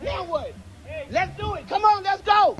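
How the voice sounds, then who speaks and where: A man in a street confrontation, defiant and shouting, swearing as he tells others not to touch him. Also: very high-pitched, measured pace, dull audio, heavy background noise. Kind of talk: confrontation filmed on a phone.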